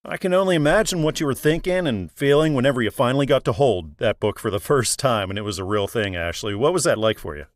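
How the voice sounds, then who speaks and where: A man's voice: medium pitch, animated, quick pace, hardly any pauses, no echo, studio quality. A man hosting a book interview show, upbeat and reading out book details. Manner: enthusiastic, reads book details. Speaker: interview host.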